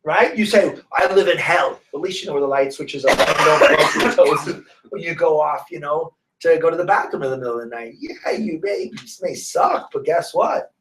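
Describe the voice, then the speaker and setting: A man's voice: a little high, normal speed, reverberant, recorded from a distance, a little hiss or hum. A man from the San Francisco Bay Area, a guest teacher telling stories in a casual interview and acting out the people he quotes. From San Francisco Bay Area, USA. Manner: lively storyteller who acts out quoted voices. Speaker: guest teacher of students and clients.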